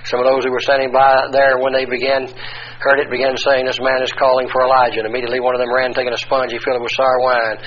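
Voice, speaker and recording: A man preaching a sermon, reading long scripture passages aloud and pausing to explain them. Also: mid-range voice, level tone, a bit bright, dull audio. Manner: reads passages then explains, corrects himself.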